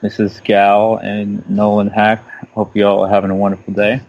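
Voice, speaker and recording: A man co-hosting a casual radio show, talking in a relaxed, halting way with many fillers. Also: fairly low pitch, dull audio. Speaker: co-host.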